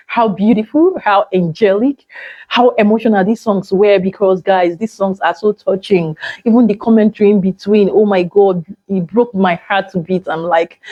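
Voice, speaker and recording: A woman, chatting excitedly and emotionally to her viewers in a vlog. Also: medium pitch, no echo, muffled recording. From Nigeria. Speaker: vlogger. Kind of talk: casual vlog chat.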